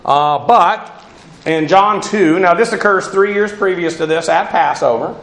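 A man's voice: sits high, a little slow, fairly bright tone. A man giving a verse-by-verse Bible teaching, talking in a discursive way with many restarts and asides. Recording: roomy echo.

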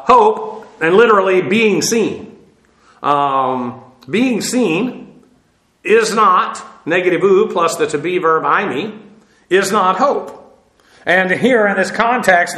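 A man teaching a Bible passage verse by verse, halting with many fillers and spelling out Greek words letter by letter. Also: fairly high pitch, pushed and bright, reverberant, low-quality recording.

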